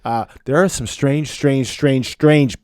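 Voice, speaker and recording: This is a middle-aged man in casual podcast talk, rambling through his points with plenty of restarts and fillers. His voice sits at an ordinary pitch and comes across close and dry, with no room around it. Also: takes it slowly, a little mellow, smooth, no room sound. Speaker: podcast co-host. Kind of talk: casual chat.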